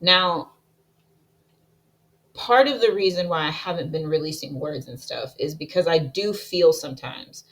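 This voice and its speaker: Low-voiced woman sharing a prophetic word. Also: measured pace, a bit bright. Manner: casual, with frequent "like" and "right?" fillers between readings. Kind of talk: reading aloud a received prophetic word.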